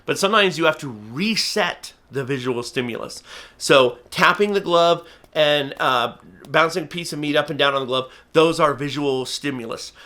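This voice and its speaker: A man explains falcon training with eager, emphatic energy. His voice is bright and a touch high, and he leans hard on the key words. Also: moderate pace. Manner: energetic, emphatic, acts out bird and viewer voices. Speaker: falconry instructor. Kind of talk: instructional talk to camera.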